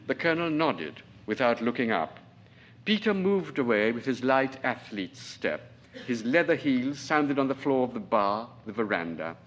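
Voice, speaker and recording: A novelist in his forties from Trinidad, reading his own fiction aloud at a lecture in a measured, deliberate way. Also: mid-range voice, a bit bright. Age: 40s.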